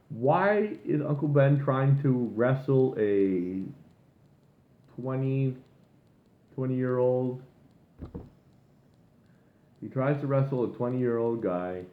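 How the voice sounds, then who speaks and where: A man's voice: mid-range voice, lively intonation, takes it slowly, long pauses. A man ranting casually and at length, rambling and swearing as he goes. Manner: rambling, profane, exasperated. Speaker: vlogger. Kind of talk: casual rant. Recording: echoey room, tinny phone-like sound.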